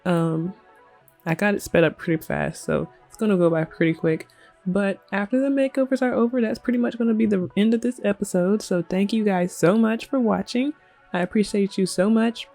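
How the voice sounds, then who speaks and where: A woman's voice: medium pitch, normal speed, mellow. A woman hosting a let's play, casually narrating her game in a chatty, storytelling way. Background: faint music.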